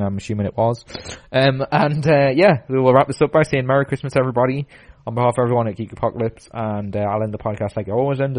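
A man's voice: medium pitch, a little mellow. A man hosting a casual podcast, telling a rambling story full of fillers and restarts. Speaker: podcast host.

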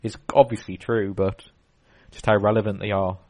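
A man's voice: lowish voice, fairly even intonation, normal speed, darkish tone. A man hosting a casual podcast, telling a rambling story full of fillers and restarts. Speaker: podcast host.

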